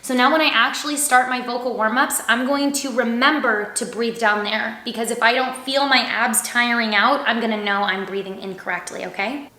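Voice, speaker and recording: An upbeat young woman leads a singing lesson, demonstrating exercises and encouraging her students as she goes. Her voice is bright and sits a little high. The room around her is echoey. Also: steady tone, normal speed. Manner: upbeat, encouraging, checks in with "okay?". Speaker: vocal coach.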